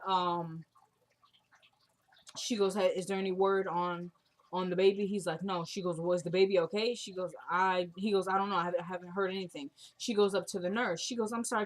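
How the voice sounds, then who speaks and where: A woman's voice: medium pitch, fairly even intonation, normal speed. A woman casually retelling a TV episode scene by scene, quoting each character's lines in her own voice. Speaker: TV show recapper.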